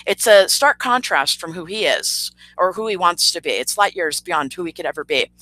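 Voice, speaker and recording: A woman rants on her livestream with a bright, edgy voice, full of sarcasm and indignation. She hesitates often with "um" and "you know." The recording is dry and close. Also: lowish voice, expressive, normal speed, no room sound, rough recording. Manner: sarcastic and indignant, with frequent fillers. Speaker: channel host. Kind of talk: livestream commentary rant.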